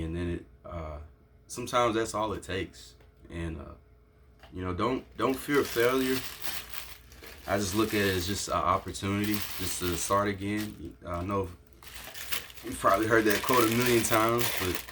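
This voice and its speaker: A man with a very low voice chats through an unboxing vlog. He sounds excited and grateful, a bit nervous, and often stumbles and restarts his sentences. A faint hum of room noise sits behind him. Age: adult. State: a little nervous. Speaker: vlogger showing his own shoe line.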